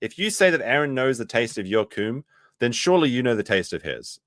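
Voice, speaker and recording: A man hosting a commentary stream, reacting sarcastically to a clip, jumping between loud outbursts and muttered asides. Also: mid-range voice, very animated, a little fast, no room sound, clean studio sound.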